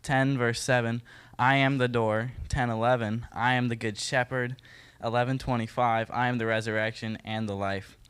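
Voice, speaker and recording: A man leading a Bible study for a group, reading verses and explaining them in a relaxed, joking way, talking straight to his listeners. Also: mid-range voice, moderate pace, hardly any pauses, smooth. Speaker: youth Bible study leader. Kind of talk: casual Bible teaching talk.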